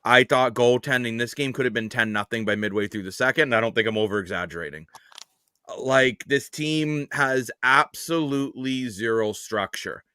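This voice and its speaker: A man's voice: medium pitch, normal speed, pushed and bright, clean tone, dry recording, studio quality. Blunt, joking man hosting a sports panel. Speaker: host. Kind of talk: casual post-game sports panel chat.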